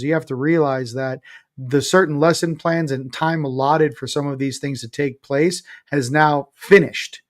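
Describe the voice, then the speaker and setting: Blunt, emphatic man with a higher voice. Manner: emphatic, blunt, swears casually; sarcastic, self-mocking. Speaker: interview guest. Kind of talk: casual spiritual interview talk.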